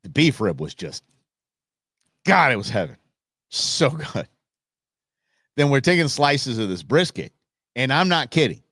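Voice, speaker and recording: A man hosting a live stream show, ranting and joking in a casual, animated way. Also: medium pitch, unhurried, pauses often, husky, no echo, clean studio sound. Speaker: host. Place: Phoenix.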